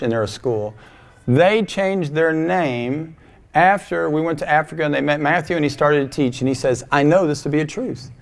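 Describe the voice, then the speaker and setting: A male pastor giving a passionate sermon to a congregation, swinging between emphatic highs and quiet, low asides. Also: gravelly. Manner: passionate, emphatic preaching with wide swings in loudness. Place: church sanctuary before a congregation.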